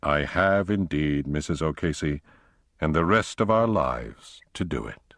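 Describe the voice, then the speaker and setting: A man's voice: extremely low pitch, expressive, unhurried, fairly bright tone, no room sound, studio quality, heavily acted. A man voicing a wry, affectionate middle-aged man who speaks with a broad Irish accent.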